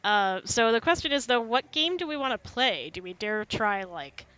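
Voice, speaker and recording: A woman's voice: on the high side, very animated, normal speed, fairly bright tone. A woman hosting a casual livestream chat, giggly and prone to rambling. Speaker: livestream host.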